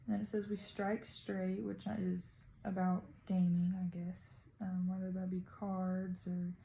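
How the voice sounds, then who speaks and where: A woman's voice: on the low side, monotone, a little slow, creaky, warm tone, a little hiss or hum, rough recording. A woman casually talking through her reading of a poem, tentative and thinking aloud as a student presenting. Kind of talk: casual spoken poem analysis.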